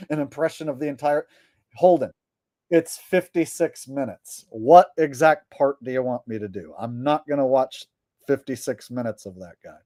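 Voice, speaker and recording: A comedian chatting loosely on his livestream, joking and rambling as he answers viewers. His voice is mellow and relaxed, at an ordinary male pitch. The sound is dry and close, with no room behind it. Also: unhurried, no room sound. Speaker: comedian and streamer. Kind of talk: casual livestream chat reading viewer messages.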